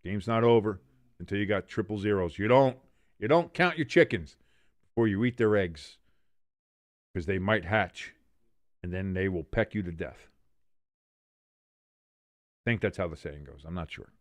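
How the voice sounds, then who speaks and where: A man's voice: sits low, lively intonation, normal speed, long pauses, no room sound. A man hosting a casual sports watch-along, mixing play-by-play calls with rambling jokes and chat comments he reads aloud.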